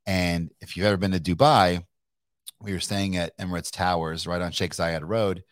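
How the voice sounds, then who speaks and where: A middle-aged man from Kentucky tells his story with rough, animated energy, swearing freely and laughing between restarts. His voice sits very low, and the sound is dry and close. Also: normal speed, no room sound. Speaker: guest entrepreneur. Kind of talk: casual storytelling interview.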